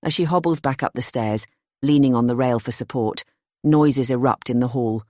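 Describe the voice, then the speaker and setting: An audiobook narrator reading a thriller in a tense, measured storytelling voice. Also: medium pitch, a little mellow, dry recording, clean studio sound.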